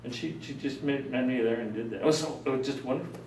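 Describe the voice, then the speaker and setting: An older man telling a personal story in a rambling, animated way, acting out the voices of people he quotes. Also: medium pitch, fast talker, slight background noise. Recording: roomy, distant mic.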